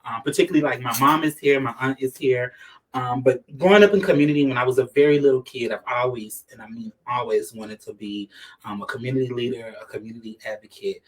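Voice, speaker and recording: A man's voice: mid-range voice, fast talker, distant mic, rough recording. Tearful, heartfelt man speaking from afar. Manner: heartfelt, tearful, repeating words. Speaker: community leader being honored. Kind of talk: emotional event speech.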